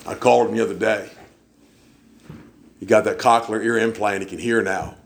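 A man's voice: on the low side, fairly even intonation, normal speed, slight background noise. A man, preaching in a church and telling folksy stories, acting out the people he quotes. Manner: folksy storyteller, acts out quoted voices. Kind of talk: sermon storytelling.

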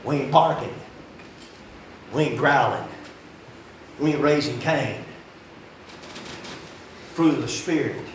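A man, preaching a fiery sermon as pastor, swinging from shouting to low, quiet asides. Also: slow pace, pauses often, noisy background. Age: 50s. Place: church sanctuary. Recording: echoey room, heard from a distance.

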